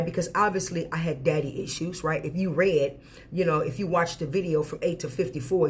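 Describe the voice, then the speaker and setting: Woman vlogger, candid storytime rant, emphatic and profane, faint hiss. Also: lowish voice. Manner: candid, emphatic, swears freely. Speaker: storyteller recounting her marriage.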